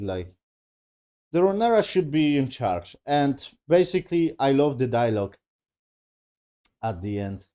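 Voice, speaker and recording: A man casually recapping and reviewing a TV episode, talking loosely and swearing, with non-native English grammar and quick mimicry of the characters. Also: lowish voice, very animated, warm tone. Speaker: TV show reviewer.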